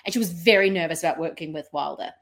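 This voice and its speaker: A woman's voice: sits low, rapid-fire, vocal fry, fairly bright tone. Rambling woman thinking aloud on a podcast. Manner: rambling, thinks aloud with many ums, acts out quotes. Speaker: podcast guest. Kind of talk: casual film review chat.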